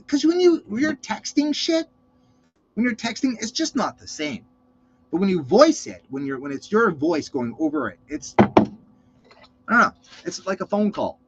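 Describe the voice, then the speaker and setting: A man's voice: sits high, huge pitch swings, normal speed, gravelly. A man hosting a casual reaction vlog, rambling and swearing constantly. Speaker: vlog host. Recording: lo-fi dull sound.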